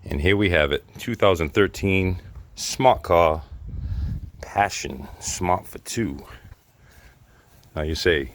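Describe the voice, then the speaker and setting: A man's voice: sits low, takes it slowly, long pauses. A middle-aged man, joking casually as he works on a car in his garage. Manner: joking, offhand, hands-on while working. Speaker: car repair vlogger. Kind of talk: casual how-to vlog.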